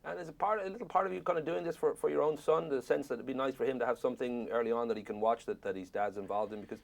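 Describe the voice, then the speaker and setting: A man's voice: medium pitch, very fast, gravelly. An Irish man interviewing an actor, asking long rambling questions with jokes. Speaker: film interviewer.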